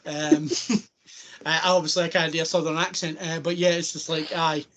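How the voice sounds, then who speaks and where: A man hosting a casual podcast chat, rambling with plenty of fillers and breaking into quick impressions of scenes. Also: fairly high pitch, level tone, a bit bright. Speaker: podcast host.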